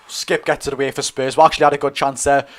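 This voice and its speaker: A young Geordie man giving chatty live commentary on a football match and answering his viewers' chat. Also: medium pitch. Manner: chatty, reads out live chat and reacts to play. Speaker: football watch-along streamer.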